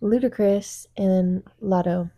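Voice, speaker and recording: A woman's voice: medium pitch, slow. A woman co-hosting a casual chat podcast, telling stories animatedly with lots of fillers. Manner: chatty, animated storytelling with fillers. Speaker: podcast co-host.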